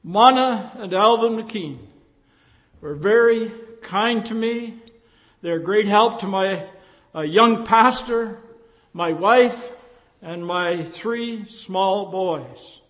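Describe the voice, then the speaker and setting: Slow older preacher in a reverberant hall. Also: male voice, high-pitched. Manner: slow, reflective preaching with emphatic rises and hushed drops. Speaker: pastor. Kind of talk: sermon.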